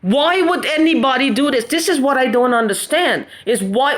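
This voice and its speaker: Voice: high voice, expressive, moderate pace, few pauses, a bit bright. A vlogger in an agitated personal rant. The talk is angry and rambling, full of repeated questions and swearing.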